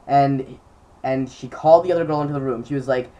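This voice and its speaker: A man's voice: medium pitch, steady tone, a little fast, dark tone, recorded from a distance, muffled recording. A young man in casual chat to camera, telling stories with lots of fillers. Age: young adult. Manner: chatty storytelling with many fillers. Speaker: vlogger.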